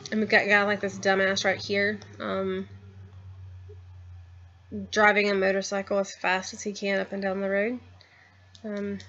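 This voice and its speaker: A woman in her thirties talks casually into her camera at home, wandering from thought to thought with frequent ums and little asides. Her voice sits at a middle pitch for a woman. The home video sound is a little dull and muffled. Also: monotone, moderate pace, pauses often, a bit bright. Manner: rambling, many ums and trailing asides. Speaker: vlogger. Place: at home, in a house.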